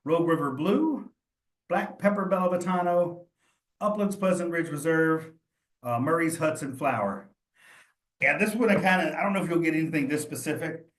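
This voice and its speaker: A man's voice: a little high, normal speed, a bit bright, roomy sound. A man leading a cheese exam study session, reasoning through quiz answers aloud in a casual, encouraging way.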